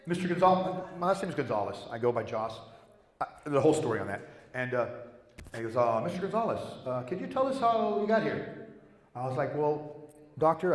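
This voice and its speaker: A middle-aged man telling rambling, profane stories at a convention panel, acting out the other people's lines. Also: medium pitch. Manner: profane, rambling, acts out dialogue. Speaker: panel guest. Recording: echoey convention hall.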